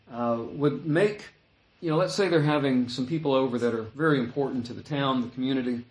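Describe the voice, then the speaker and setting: A male pastor teaching a sermon in a casual, conversational way, thinking aloud with frequent fillers. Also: medium pitch. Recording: echoey room.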